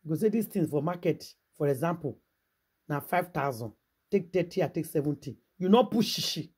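Husky man with Nigerian Pidgin accent. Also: a little high, lively intonation, a little fast, darkish tone. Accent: Nigerian Pidgin English. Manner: preachy, rhetorical, talks straight to viewers. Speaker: gossip vlogger. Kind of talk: casual commentary.

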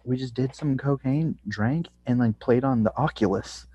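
A young man with a husky, slightly breathy voice chats on a podcast. He rambles loosely and breaks into laughter often. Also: mid-range voice, normal speed, dark tone, no room sound, dull audio. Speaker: comedian guest. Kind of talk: casual podcast chat.

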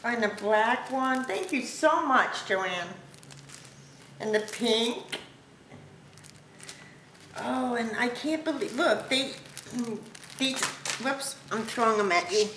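A woman vlogger opening a craft package at home, gushing with thanks in a casual, excited chat. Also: a little high. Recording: echoey room with background noise.

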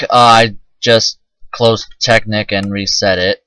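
A man's voice: lowish voice, steady tone, takes it slowly, pushed and bright, no room sound, soft background music, poor audio. A man casually commenting on his own gameplay, rambling and self-mocking and swearing often. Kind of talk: casual let's-play commentary.

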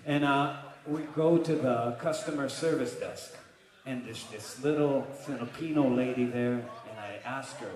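A man in a band telling a profane, animated story from the stage between songs at a live concert. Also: mid-range voice, moderate pace. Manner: profane, animated anecdote with acted-out quotes. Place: live music venue stage. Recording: echoey live room sound.

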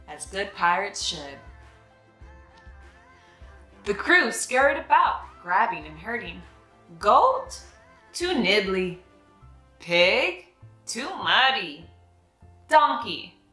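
Woman reading kids book aloud, slow n lively, fairly high voice, echoey room. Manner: expressive, animated reading. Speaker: children's book reader. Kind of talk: read-aloud storytelling. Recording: echoey room, soft music behind.

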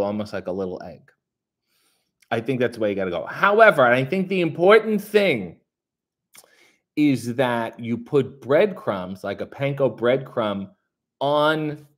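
Jokey man reading chat, very animated pitch. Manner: jokey, sarcastic, rambling. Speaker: livestream host reading chat. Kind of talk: casual live chat.

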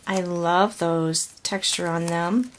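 There's background noise as a woman with a lowish, steady voice speaks slowly while unboxing a handmade gift for her home vlog. The crafter sits in her craft room, a dog close by, sighing, exclaiming and gushing with emotion.

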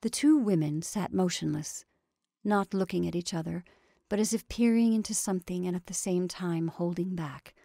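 A woman reading a story aloud in a measured, dramatic way. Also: on the low side, creaky, mellow, no echo, studio quality.

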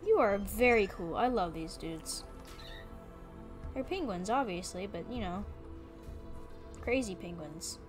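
A woman's voice: medium pitch, lively intonation, measured pace, long pauses, faint music behind. A young woman giving playful, chatty commentary while streaming a video game, often exclaiming and talking to the creatures on screen.

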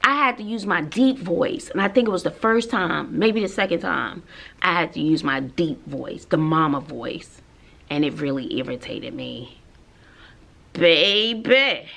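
A woman's voice: medium pitch, lively intonation, unhurried, vocal fry, bright, forceful tone. A woman teacher, chatting sassily to her viewers in a casual vlog, talking to them like girlfriends. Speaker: middle school teacher.

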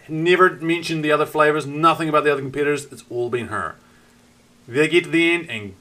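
Kiwi male streamer, crisp bright tone, animated storyteller who swears freely. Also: on the high side, fairly quick. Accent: New Zealand. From New Zealand. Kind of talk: casual live-stream chat.

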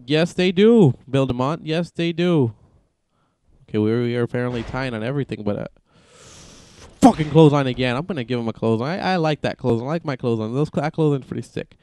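A young man commentating his own wrestling video game, excitable and joking, swearing often. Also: mid-range voice, rapid-fire. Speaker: gaming channel host. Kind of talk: casual gameplay commentary.

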